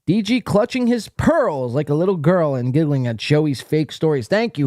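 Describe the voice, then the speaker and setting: A man's voice: on the high side, expressive, normal speed, few pauses, a little mellow, no room sound, clean studio sound. A male podcast host giving casual, profane, mocking commentary while reading out online posts. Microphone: desk mic, acting up.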